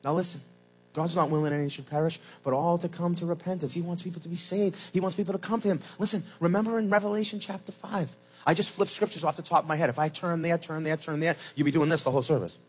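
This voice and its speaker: High, husky-voiced preaching man. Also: fairly even intonation, fast, rough recording. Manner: swings from loud preaching shouts to low quiet asides. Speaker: pastor. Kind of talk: sermon.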